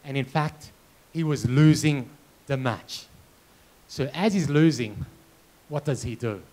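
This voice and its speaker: A man's voice: mid-range voice, slow, a little mellow. A man giving a storytelling keynote speech, acting out dialogue and sound effects as he goes. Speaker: keynote speaker. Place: conference hall with audience.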